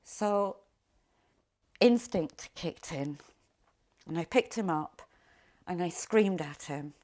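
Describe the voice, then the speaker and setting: A middle-aged woman, a mother, recounting her past in a documentary interview, speaking quietly and haltingly, often trailing off low.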